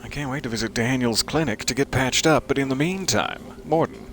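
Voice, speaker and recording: A man's voice: mid-range voice, brisk. A man streaming a video game, giving casual, playful commentary with joking asides. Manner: playful, joking asides and silly sing-song bits. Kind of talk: casual let's-play commentary. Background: loud game music.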